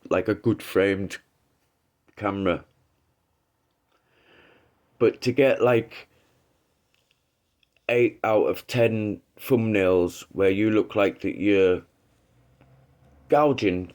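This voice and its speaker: A man's voice: lowish voice, darkish tone. A man hosting his channel, giving casual commentary in a rambling, hesitant way with some swearing. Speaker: YouTube channel host.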